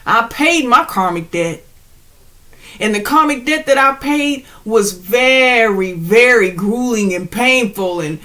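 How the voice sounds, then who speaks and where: A woman giving an animated, slangy spiritual pep talk straight to her viewers, often laughing between points. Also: medium pitch. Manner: preachy, addresses viewers directly. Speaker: spiritual channel host.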